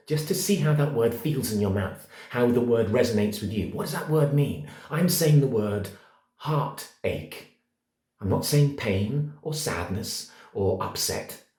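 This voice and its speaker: A man's voice: mid-range voice, darkish tone. A middle-aged man teaching an acting masterclass, stressing single words and tapping out verse rhythms. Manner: emphatic, words spelled out one by one, rhythmic. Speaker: acting coach. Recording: echoey room.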